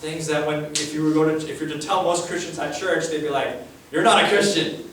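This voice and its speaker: A man preaching a chatty, animated sermon, telling the story with acted voices, recorded in a church hall. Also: fairly high pitch, quick pace, noisy background. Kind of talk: casual sermon. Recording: echoey hall from far off.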